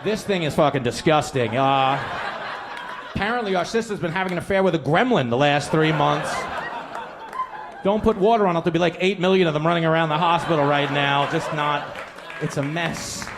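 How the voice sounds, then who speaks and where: A man doing a stand-up set with animated, joking delivery. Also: on the high side, brisk, a crowd in the background. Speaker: stand-up comedian. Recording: live club with noise.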